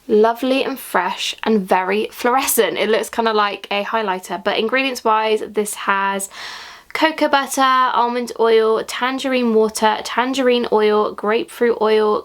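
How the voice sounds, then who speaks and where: A young woman unboxing and reviewing beauty products in a gushing, excitable way, sometimes dropping to a whisper. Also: medium pitch. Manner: gushing, excitable, drops into whispers when thrilled. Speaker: beauty vlogger. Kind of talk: unboxing vlog, casual chat.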